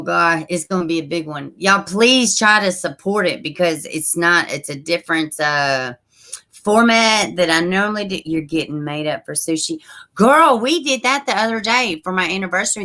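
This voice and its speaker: A woman hosting a casual livestream, chatting straight to her viewers and reading their comments aloud, with soft asides under her breath. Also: fairly low pitch. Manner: frequent soft asides while fiddling with links. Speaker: livestream host.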